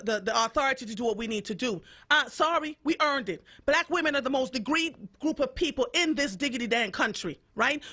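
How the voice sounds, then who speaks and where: Fiery, bright-voiced Jamaican-born woman host. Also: sits high. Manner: fiery, emphatic, repeats for emphasis. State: fed up. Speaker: radio host. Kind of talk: impassioned radio monologue.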